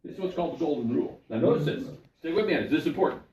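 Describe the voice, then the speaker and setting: A man's voice: on the high side, animated, very fast, a little mellow, roomy sound, distant mic, poor audio. A male pastor delivering a sermon, telling a story and putting questions to the congregation.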